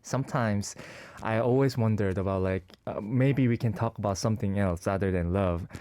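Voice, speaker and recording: A man's voice: on the low side, moderate pace, warm tone. A man co-hosting a radio music show, casually presenting a song pick and searching for his words. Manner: hesitant, many fillers and restarts, searching for words. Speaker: radio co-host.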